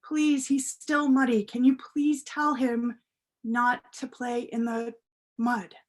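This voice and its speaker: A woman's voice: a little high, little pitch movement, slow. A woman doing pleading older sisters. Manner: begging, repetitive.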